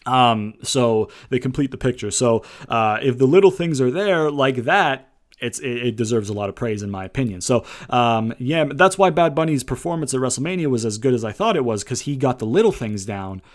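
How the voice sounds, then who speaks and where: A man talking through a wrestling show review in a loose, rambling way, full of "um"s and casual swearing. He sits at a middle pitch and keeps an easygoing, conversational tone throughout. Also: animated. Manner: slips into quick impressions when retelling lines.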